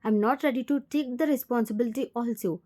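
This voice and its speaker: A woman's voice: a little high, fast, dark tone, close to an everyday voice. A woman with an Indian English accent voicing a remorseful uncle in his late forties, pleading and full of guilt.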